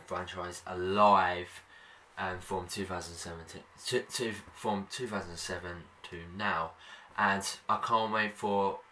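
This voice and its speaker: A man's voice: sits low, pushed and bright. A man giving a casual spoken film review, enthusiastic and rambling, with many fillers and restarts. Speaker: movie reviewer. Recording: voice a bit far from the mic, faint background noise.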